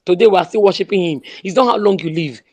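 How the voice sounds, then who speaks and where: Rallying listeners in an online audio room, a Nigerian woman delivers an impassioned political speech, repeating slogans and mixing in pidgin. Her voice is low-ish, warm and a bit breathy, and she speaks fast and emphatically.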